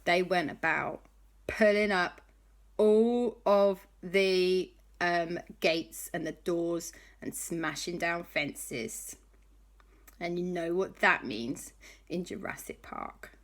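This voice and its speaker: A woman's voice: lowish voice, slow. A woman telling an improvised children's story in a chatty, playful way.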